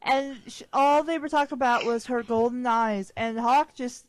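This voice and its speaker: A woman's voice: a little high, steady tone, moderate pace. A woman reading fanfiction aloud on a casual podcast, stumbling over names and breaking off for sarcastic remarks.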